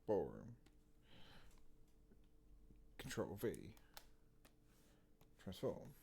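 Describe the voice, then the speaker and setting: A man's voice: on the low side, unhurried, long pauses, mellow. A man streaming as he draws, tired and yawning, talking to himself in a casual muttering way. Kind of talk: casual talk while drawing.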